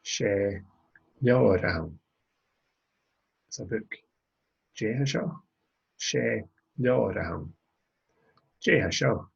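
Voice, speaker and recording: A man teaching a recorded language lesson, going slowly and patiently and repeating phrases for learners. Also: medium pitch, lively intonation, vocal fry, breathy edge, highs cut off. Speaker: language tutor.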